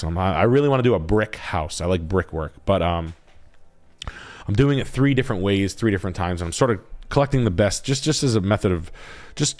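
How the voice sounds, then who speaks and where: A man hosting a live stream, rambling in crude, joking talk that comes out in quick bursts. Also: fairly low pitch. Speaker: livestream host, realtor.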